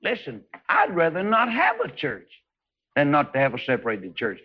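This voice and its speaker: A man's voice: wildly swooping pitch, normal speed, slightly rough. Fervent man preaching a revival sermon. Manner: fervent, swings from hushed storytelling to high shouted exclamations. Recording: dull lo-fi old sermon recording.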